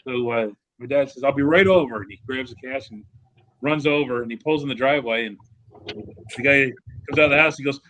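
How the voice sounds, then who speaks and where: A man's voice: mid-range voice, steady tone, brisk, sharp tone, low-quality recording. A man from upstate New York telling rambling anecdotes in a casual chat about cars. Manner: rambling anecdotes with fillers and restarts.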